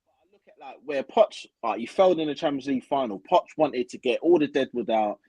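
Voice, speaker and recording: A man talks football in a casual chat, his voice husky and lively as it rises and falls. He is opinionated and argues his case with energy. The sound is dry and close. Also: a little high, fairly quick, no room sound. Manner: animated, opinionated, sometimes teasing. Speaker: football podcast co-host.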